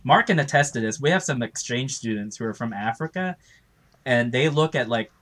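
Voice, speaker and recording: A man's voice: mid-range voice, lively intonation, brisk, a bit bright. A man co-hosting a casual podcast chat, who laughs often and drifts into lecturing asides. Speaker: co-host.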